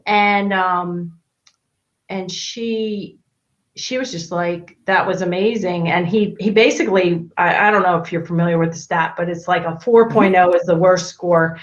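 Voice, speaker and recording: A middle-aged woman, an autism expert and parent, appears as a guest on a video-call interview and tells long stories in casual conversation, full of fillers and restarts. Her voice is fairly low and steady, a little slow, and the recording sounds muffled.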